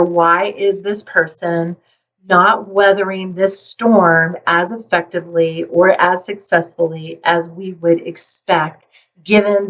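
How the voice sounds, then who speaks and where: A woman psychologist calmly explaining parenting and resilience, now and then acting out a worried parent. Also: fairly low pitch, far from the mic, low-quality recording. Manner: calm, explanatory, acts out worried parents in quick asides. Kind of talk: talking to camera about parenting.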